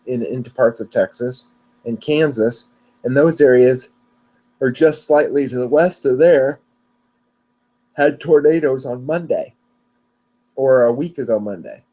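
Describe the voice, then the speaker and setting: Guy rambling through his weather show, mellow dark voice, kinda sleepy, keeps restarting himself. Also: mid-range voice. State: yawning, sleepy. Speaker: weather podcast host. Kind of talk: casual solo podcast talk.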